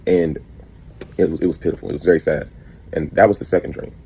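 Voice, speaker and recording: A man's voice: extremely low pitch, little pitch movement, fast talker, mellow, slightly rough, rough recording. A man earnestly recounting a dream as a testimony.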